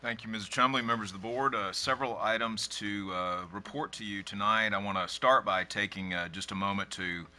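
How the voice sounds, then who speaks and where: Man, school superintendent, low voice, very bright tone, conversational report, frequent uh fillers. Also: fairly even intonation, brisk, few pauses. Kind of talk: formal report to a board.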